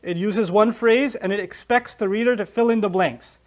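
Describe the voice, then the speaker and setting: A man giving a lively Quran lecture, acting out scenes from the story and laughing along the way. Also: sits high, normal speed. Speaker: Islamic lecturer.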